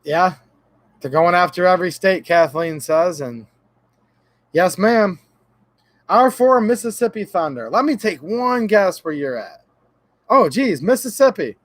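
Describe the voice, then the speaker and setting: A man's voice: high-pitched, animated, measured pace, long pauses, no room sound. A man hosting a casual livestream, rambling and joking as he chats with viewers and reads out their names. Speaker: gun channel livestream host.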